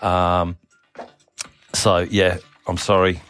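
Deep-voiced guy, accent a mix of aussie, south african and english, rambling casual team diary, lots of ums. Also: extremely slow, faint music behind. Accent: mixed Australian, South African and English. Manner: relaxed, rambling, many ums and uhs. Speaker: cycling team manager.

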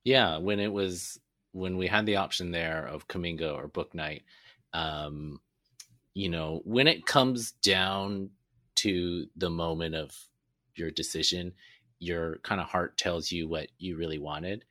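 A man's voice: low-pitched, slow, sharp tone, no room sound, studio quality. A man co-hosting a casual sports podcast, chatty and wry, often restarting his sentences. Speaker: podcast co-host.

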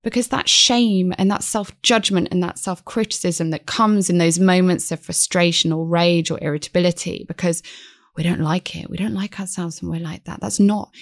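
A woman's voice: lowish voice, fairly even intonation, normal speed, vocal fry, dry recording. A woman in her thirties, speaking earnestly and reflectively as a podcast guest. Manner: earnest, reflective, acts out inner voices. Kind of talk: conversational interview.

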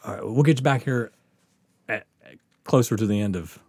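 Husky-voiced man telling a wild story. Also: mid-range voice, fairly quick, dry recording. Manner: animated, profane, laughing through his story. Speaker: comedy podcast host. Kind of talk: casual storytelling chat.

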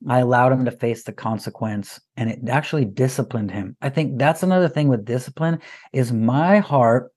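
A man in his thirties, a father talking as a guest, telling stories in a lively, casual way. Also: mid-range voice, moderate pace. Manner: animated, lively storyteller. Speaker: parent sharing advice as a podcast guest. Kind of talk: casual conversational storytelling.

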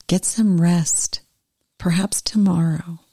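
A woman reading aloud as a gentle, doubting female angel, in a soft, hushed manner. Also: on the low side, normal speed, slightly rough, dry recording, clean studio sound. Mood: doubtful.

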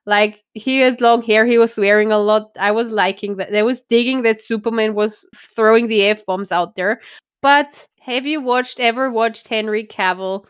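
Woman, casual news chat co-host, higher voice, smooth and clear, dry close mic. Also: fairly even intonation, moderate pace, no room sound. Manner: chatty, giggly, enthusiastic. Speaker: podcast co-host.

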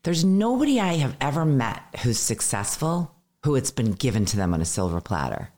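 A woman's voice: a bass voice, big pitch swings, normal speed, mellow. A woman in her fifties, a stand-up comedian talking as a guest in a casual interview, telling candid, self-deprecating stories with stammered restarts. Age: 50s.

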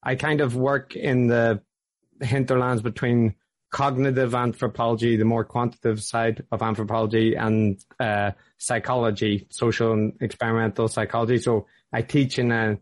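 A man's voice: medium pitch, little pitch movement, normal speed. Belfast-accented man, hesitant talk. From Northern Ireland. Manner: hesitant, many restarts. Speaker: podcast guest, academic. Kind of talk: conversational interview.

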